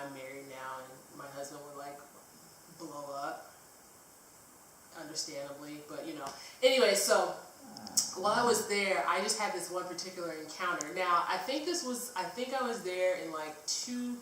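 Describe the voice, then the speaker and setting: A woman's voice: fairly low pitch, a bit bright, a little hiss or hum. A woman vlogger telling a travel story in a rambling, casual way, with lots of fillers and some swearing. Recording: echoey room, distant mic.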